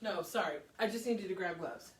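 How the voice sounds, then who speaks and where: A middle-aged woman hosting a casual live stream, chatty and upbeat, a little hoarse while getting over an illness. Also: fairly low pitch, moderate pace. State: recovering from covid, slightly hoarse. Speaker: host of a live paint demo.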